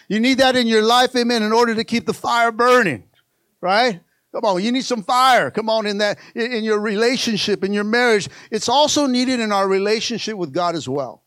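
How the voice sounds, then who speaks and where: A man's voice: high voice, a bit bright, dry recording. An older man preaching a sermon to his church, calling out to the congregation and repeating phrases. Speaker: pastor.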